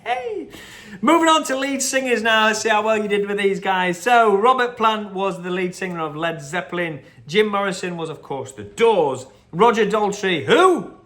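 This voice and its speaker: This quiz host's voice sits high, sounding animated with a fairly bright tone. Running through the answers casually, he rambles, leans on fillers and slips in quick quote impressions.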